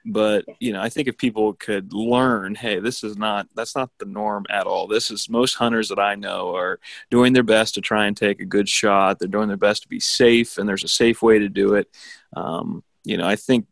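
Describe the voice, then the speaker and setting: A man's voice: on the low side, fairly even intonation, a little fast, vocal fry, fairly bright tone, no room sound. An American man hosting a podcast, talking in a friendly, hesitant way with many fillers. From United States. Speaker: podcast host. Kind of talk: casual interview chat.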